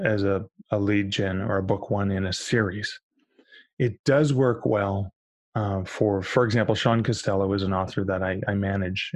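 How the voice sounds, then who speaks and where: A man talking casually as a podcast guest about book publishing, animated and fond of acting out little quoted voices. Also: fairly low pitch, no room sound. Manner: animated, acts out quoted voices, frequent restarts.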